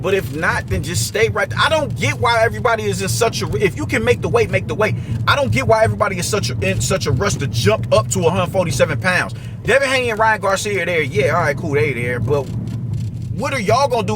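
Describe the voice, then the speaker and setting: Brief: young New guy, high voice, loose profane street talk, noisy recording with car sounds behind. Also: animated, quick pace. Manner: profane, slangy, restless and repetitive. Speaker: boxing commentator. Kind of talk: casual commentary rant.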